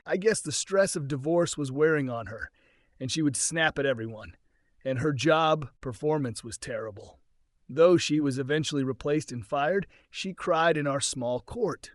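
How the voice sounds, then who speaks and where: A man's voice: fairly high pitch, dry recording, studio quality. A man telling a first-person story in an earnest, conversational way.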